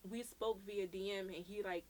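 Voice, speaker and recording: A woman's voice: medium pitch, normal speed. A woman from Brooklyn co-hosting a podcast, telling a story in casual chat, acting out the quotes and swearing freely. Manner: animated, acts out quoted dialogue, swears freely. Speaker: podcast co-host.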